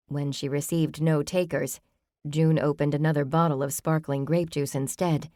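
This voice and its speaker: A woman narrating an audiobook with measured, even scripted storytelling. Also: low voice, no echo, clean studio sound.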